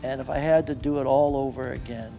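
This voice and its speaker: A man giving an anecdotal speech at an event, animated and acting out the quotes in his story. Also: mid-range voice, brisk, vocal fry, faint music behind. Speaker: event speaker.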